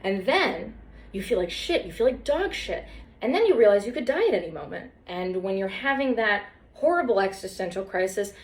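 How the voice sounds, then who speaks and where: A woman's voice: medium pitch, sing-song, moderate pace. A young woman telling stories in casual chat, sarcastic and swearing, mocking other people's lines in put-on voices. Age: young adult.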